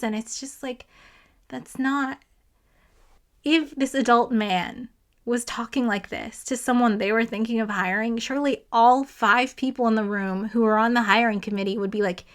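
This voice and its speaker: Woman, physicist, casual commentary, exasperated, sarcastic, slightly high voice. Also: steady tone, moderate pace. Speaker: theoretical physicist reviewing a novel.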